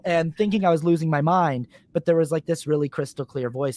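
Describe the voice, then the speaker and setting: A man's voice: fairly high pitch, fairly quick, few pauses, darkish tone. A man hosting a podcast, telling a personal story animatedly and acting out what was said, with casual swearing. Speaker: podcast host. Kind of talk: casual conversation.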